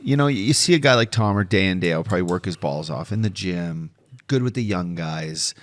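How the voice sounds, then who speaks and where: A man's voice: low voice, expressive, brisk. Blunt, profane man in his thirties. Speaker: podcast co-host. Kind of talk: casual sports chat.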